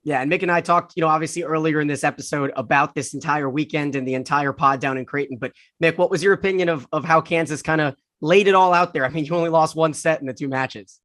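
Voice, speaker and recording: A man with a fairly high voice hosts a sports podcast. He asks long, friendly questions in a casual, chatty way. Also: quick pace, few pauses, a bit bright. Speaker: podcast host. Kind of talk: podcast interview host.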